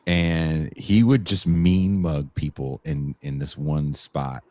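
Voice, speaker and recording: A man's voice: very deep voice, steady tone, slow pace, a little mellow, no echo. A man from the Bay Area co-hosting a podcast, rambling in a laid-back, profane way. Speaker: podcast co-host. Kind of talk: casual chat.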